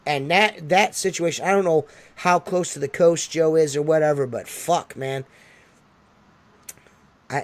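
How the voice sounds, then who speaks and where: Brief: male podcast host, loose and profane, emphatic, slightly high voice. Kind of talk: casual podcast chat.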